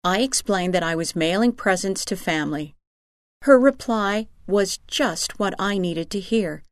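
A woman giving a measured, sincere scripted reading of letters. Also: mid-range voice, no room sound, clean studio sound.

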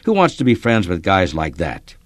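A man's voice: low-pitched, wildly swooping pitch, moderate pace, no echo. An earnest, tender-hearted boy in a storybook, as a man reading aloud puts him on. The lines rise and fall with feeling, and the voice is close and dry, with no room sound. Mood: glum. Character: gentle boy who loves small creatures.

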